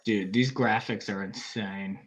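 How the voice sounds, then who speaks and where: A man co-hosting a casual sports podcast, excitable and reacting out loud as he talks. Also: fairly low pitch, measured pace. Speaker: podcast co-host.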